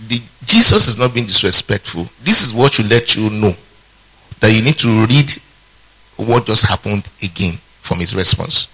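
Low husky preacher guy, pushy bright tone, keeps asking the crowd "what?" to finish his lines. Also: rough recording. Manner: call-and-response questions to the congregation; humorous asides. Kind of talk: sermon teaching.

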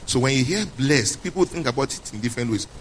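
Male pastor preaching, hammers points home and repeats them, keeps checking "you understand?", mid-pitched, faint hum behind. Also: expressive, quick pace, rough recording. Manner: emphatic, repeats key points, quizzes listeners. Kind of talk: sermon.

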